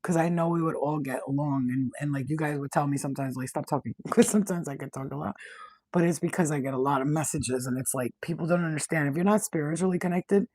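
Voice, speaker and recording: Husky-voiced woman chatting bluntly. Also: low voice, fast talker, darkish tone, dry recording. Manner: chatty, blunt, swears freely. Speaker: spiritual reader. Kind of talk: casual direct-to-camera chat.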